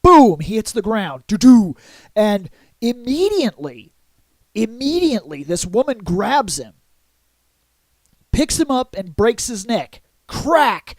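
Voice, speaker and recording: A man vlogging a casual comic book review in an excitable way, adding sound effects and acting out lines. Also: high voice, slow, pauses often, no room sound. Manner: excitable, adds sound effects and acts out quotes.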